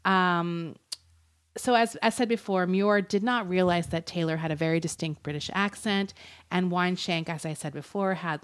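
A woman's voice: fairly low pitch, normal speed, clean tone. A woman co-hosting a podcast, retelling a true-crime story in casual, rambling chat and laughing often. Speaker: podcast co-host.

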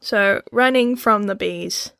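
A woman's voice: medium pitch, vocal fry, sharp tone. A young woman, co-hosting a podcast in giggly, teasing casual chat while planning a story. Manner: giggly, teasing, quick back-and-forth. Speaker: podcast co-host.

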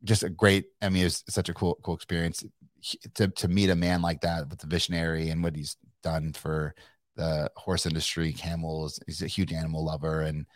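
Deep-voiced, swearing storyteller from Kentucky. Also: male voice, moderate pace, no room sound, studio quality. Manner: animated, profane, laughs mid-story, many restarts. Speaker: guest entrepreneur. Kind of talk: casual storytelling interview.

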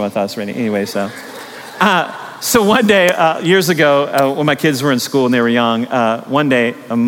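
A middle-aged male pastor preaching a sermon, telling stories with animated, emphatic rises in his voice. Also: sits high. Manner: animated storytelling with rising emphatic peaks. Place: church sanctuary. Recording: long hall reverb.

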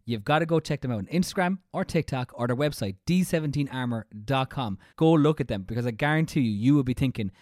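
A man's voice: mid-range voice, lively intonation, quick pace, few pauses, a little mellow, dry recording, studio quality. A man from Munster with an Irish accent, co-hosting a casual podcast, playful and jokey. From Munster, Ireland. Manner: playful, jokey, does comic voices. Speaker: podcast co-host. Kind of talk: casual chat.

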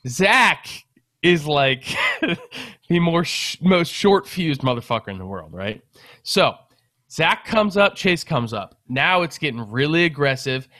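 A young man with a bright, forceful voice tells a story in a loose, rambling way, full of swearing and filler words. His delivery is casual and animated, the tone of a podcast chat between friends. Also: fairly high pitch, takes it slowly. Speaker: guest telling a story.

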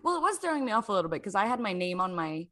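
A woman with a Philadelphia accent, co-hosting a casual podcast and telling an animated story full of "like"s. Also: mid-range voice, racing. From South Jersey near Philadelphia. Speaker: podcast co-host. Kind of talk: casual chat.

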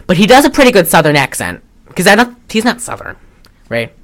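A woman's voice: on the low side, very animated, a little fast. A woman co-hosting a podcast, reviewing a movie in casual, rambling chat and swearing offhand. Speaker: podcast co-host.

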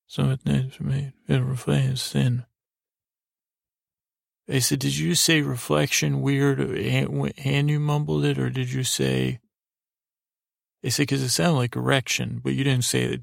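A man improvising a rambling bedtime story as a sleep podcast host, halting with many restarts and fillers. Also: medium pitch, flat delivery, creaky, no room sound, studio quality.

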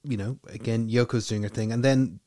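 A man's voice: medium pitch, fairly even intonation, brisk, mellow, dry recording, studio quality. A man co-hosting a podcast, chatting casually and musing his way wryly through his points. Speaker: podcast co-host. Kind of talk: casual chat.

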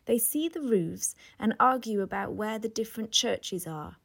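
A woman's voice: medium pitch, animated, moderate pace, vocal fry, a bit bright. A woman reading the part of a wry young man telling a detailed anecdote.

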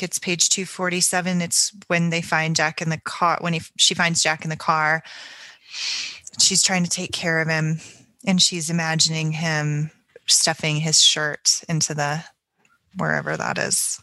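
A woman co-hosting a book podcast, reading a passage from a novel aloud in a measured, reflective way. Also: fairly low pitch, steady tone, sharp tone, no echo. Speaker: book club podcast co-host.

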